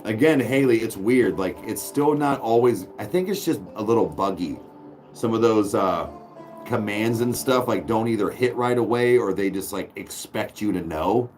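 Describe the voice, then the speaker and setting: A young man casually chatting with his viewers and cooing softly to his dog. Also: fairly low pitch, moderate pace, soft background music. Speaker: streamer host.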